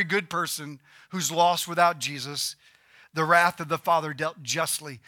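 High-pitched preacher with a bright, dry voice. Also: male voice, steady tone, a little slow, dry recording. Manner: dramatic swings from loud emphasis to near-whispered lows. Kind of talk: sermon.

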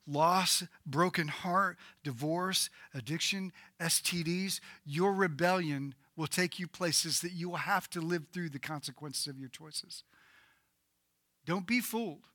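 A man preaching a sermon as pastor, swinging between loud emphatic bursts and low, quiet passages. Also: dry recording, studio quality.

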